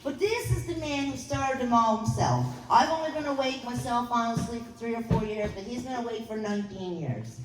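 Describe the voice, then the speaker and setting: A woman's voice: fairly high pitch, brisk, few pauses, background noise. A woman from Newfoundland with a Newfoundland accent, hosting a ceremony in a folksy, joking way. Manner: folksy, joking, loud to a crowd. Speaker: ceremony host. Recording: roomy hall from a distance with crowd.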